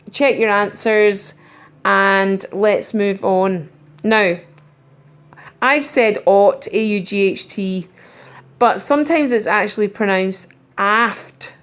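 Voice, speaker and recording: A middle-aged woman gives a recorded spelling lesson at an unhurried pace. Her pitch sits mid-range as she carefully spells out letters and pauses on ums. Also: clear, resonant tone. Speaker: primary school teacher.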